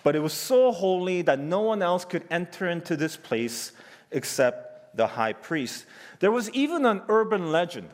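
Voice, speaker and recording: Guy preaching in a church, kinda high voice, chatty, big echoey hall. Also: big pitch swings, moderate pace. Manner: conversational, asks the room "right?" often. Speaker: pastor. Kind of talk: sermon. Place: church sanctuary. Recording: church hall with long reverb.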